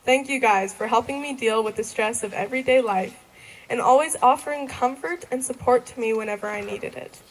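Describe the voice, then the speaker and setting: A woman's voice: on the high side, brisk, poor audio. A young woman in her late teens giving a graduation thank-you speech, giggling often between sentences. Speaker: graduating student.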